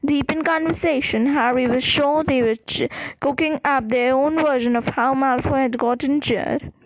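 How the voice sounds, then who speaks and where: A woman's voice: sits high, steady tone, normal speed, lo-fi sound, a little hiss or hum. A woman narrating a storybook aloud, reading carefully and sometimes restarting a word. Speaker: audiobook reader.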